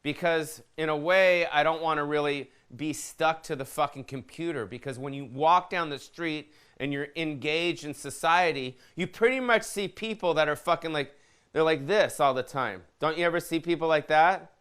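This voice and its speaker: Brief: podcast host, man in his 50s, smooth and a touch high-pitched, swears freely, rambling comic rant. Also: moderate pace, fairly bright tone. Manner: profane, loose and jokey, asks his producer for answers.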